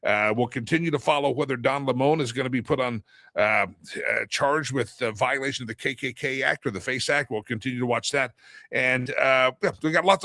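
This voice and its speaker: A man's voice: medium pitch, a bit bright, dry recording. A middle-aged man hosting a daily live stream in a casual monologue, rambling, repeating himself and restarting sentences, with the odd chuckle. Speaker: show host.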